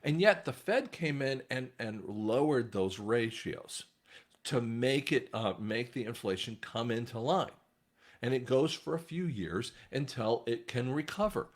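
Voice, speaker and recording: A man talking casually to his viewers in a rambling monologue, often restarting his sentences. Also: a little slow. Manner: rambling, frequent restarts, animated swings in pitch. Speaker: online commentator.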